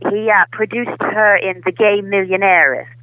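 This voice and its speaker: Guy doing a high-voiced hollywood-accent socialite type, theatrical and grand, tinny phone line. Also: measured pace, no echo. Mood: grandiose. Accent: affected old Hollywood. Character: flamboyant old-Hollywood heir, grand and gossipy, man. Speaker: caller. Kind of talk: improvised comedy phone call.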